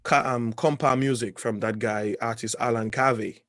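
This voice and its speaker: Measured man, dry close sound. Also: mid-range voice, fairly even intonation, a bit bright, no room sound. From Caribbean. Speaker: podcast co-host. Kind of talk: casual chat.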